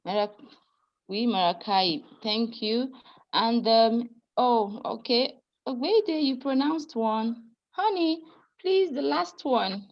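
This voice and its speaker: A woman's voice: a little high, takes it slowly, muffled recording. A woman teaching French pronunciation in an online class, patient and apologetic, often laughing and calling students dear.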